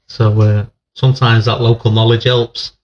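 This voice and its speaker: A man in his forties with a fairly low voice chats casually as a podcast guest, recalling his army days and his childhood. He rambles, swears and breaks into laughter often. The recording sounds dull and lo-fi. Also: level tone, normal speed, a little mellow. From England, raised in Northern Ireland. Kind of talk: casual chat.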